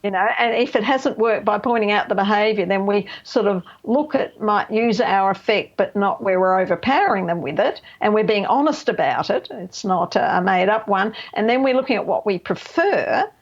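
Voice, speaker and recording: Middle-aged woman counsellor on radio, gravelly voice, keeps saying right? you know, kinda dull audio. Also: mid-range voice, animated, moderate pace, hardly any pauses. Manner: explanatory, emphatic, uses "right?" and "you know". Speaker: guest counsellor. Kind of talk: radio interview.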